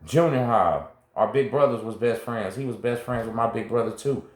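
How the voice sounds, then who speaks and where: A man's voice: mid-range voice, normal speed, roomy sound. A middle-aged man, hosting and telling his own story in a casual, slangy way, talking straight to viewers. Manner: laid-back, slangy, talks straight to viewers. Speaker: host. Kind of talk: casual first-person storytelling.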